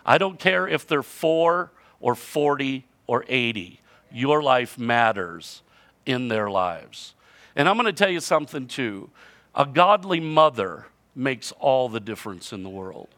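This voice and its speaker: A man's voice: mid-range voice, very animated, a little slow, a bit bright. A middle-aged man preaching a sermon in a conversational way, repeating words and building to emphatic points. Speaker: pastor.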